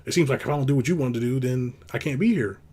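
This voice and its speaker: A man hosting a casual monologue, rambling and blunt, acting out quoted lines in a high put-on voice. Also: very fast, warm tone, slight background noise. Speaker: host.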